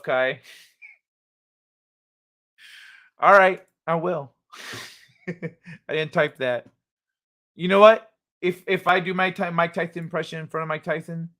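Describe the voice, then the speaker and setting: Bright-voiced, jokey male stream host. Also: a little high, measured pace, long pauses. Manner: jokey and animated, laughs often. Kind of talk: casual chat, reading viewer comments.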